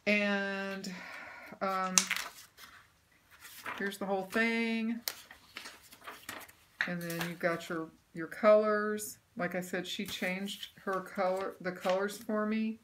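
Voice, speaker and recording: A woman's voice: medium pitch, steady tone, slow pace, pauses often, noisy background. A woman chatting casually at home about her stitching projects, rambling with lots of ums and restarts. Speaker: cross-stitch vlogger. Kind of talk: casual show-and-tell chat. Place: home room.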